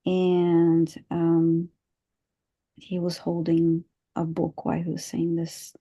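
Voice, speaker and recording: A woman co-hosting a live stream, speaking in an unhurried, soft-spoken way with light laughs. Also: on the low side, flat delivery. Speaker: psychic reader and co-host. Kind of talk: live-stream casual chat.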